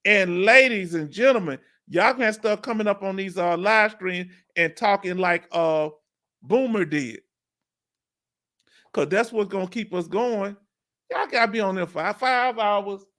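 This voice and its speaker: High-voiced host working the chat. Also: male voice. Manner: animated, drawn-out emphasis, questions to viewers. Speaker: live stream host. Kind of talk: casual live-stream chat.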